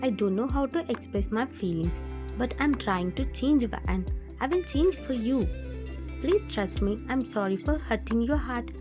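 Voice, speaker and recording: A woman's voice: a little high, expressive, measured pace, music in the background. Woman reading a guarded young mafia husband. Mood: apologetic. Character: cold but tender young mafia husband.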